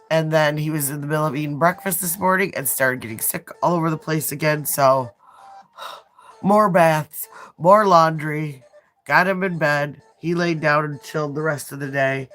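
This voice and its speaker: A woman's voice: deep voice, a bit bright. A woman in her thirties with a Midwestern accent, stuffed up from a sinus cold, chatting casually and rambling on her livestream with self-deprecating asides. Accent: Midwestern American. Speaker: nail art livestreamer.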